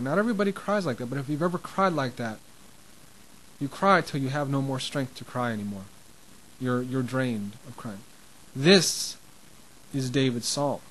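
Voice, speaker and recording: A man's voice: a little high, fairly bright tone, poor audio. Impassioned man preaching an informal sermon. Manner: conversational and impassioned, with restarts and rising emphasis.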